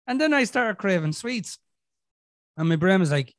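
Sweary, lively Irish man. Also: sits high, normal speed, no room sound, clean studio sound. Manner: profane, animated storytelling, acting out inner voices. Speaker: podcast host. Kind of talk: casual chat.

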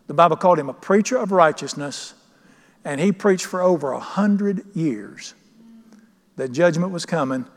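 A man's voice: high-pitched, darkish tone. A pastor preaching a sermon, emphatic and questioning his congregation. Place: church sanctuary. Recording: long church reverb.

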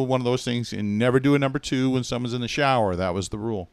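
A fast-talking middle-aged man from Massachusetts, USA, with a clean, mid-range voice and no echo, shares his childhood story. As a podcast co-host under interview, he's chatty and rambling, self-correcting and wandering into many asides.

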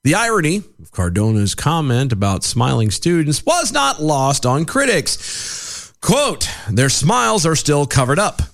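A man co-hosting a casual political podcast, sarcastic and quick to laugh as he reads out quotes. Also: fairly high pitch, vocal fry. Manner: sarcastic, animated, laughs easily. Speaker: podcast co-host.

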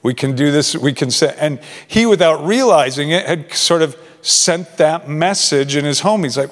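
A man's voice: fairly high pitch, animated, normal speed, few pauses. A man preaching to a youth ministry in a conversational way, often acting out short quoted exchanges. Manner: conversational, acts out quoted dialogue. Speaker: pastor. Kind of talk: sermon. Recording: long hall reverb.

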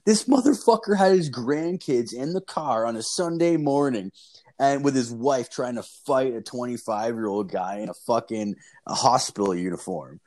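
A man's voice: medium pitch, lively intonation, moderate pace, dark tone. A man in his twenties from Canada, casually telling a profane story on a podcast with lots of filler words. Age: 20s.

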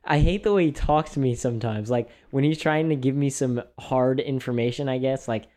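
A young man co-hosting a casual chat podcast, laughing often and telling stories with lively voices. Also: medium pitch, a little fast. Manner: laughs often, animated storytelling. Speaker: podcast co-host.

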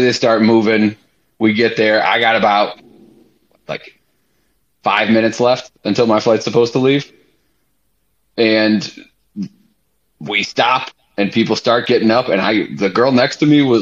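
A young man with a fairly low voice tells a long story on a casual podcast. He is animated, swears freely and fills his talk with "like". The audio sounds a little muffled. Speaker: podcast co-host.

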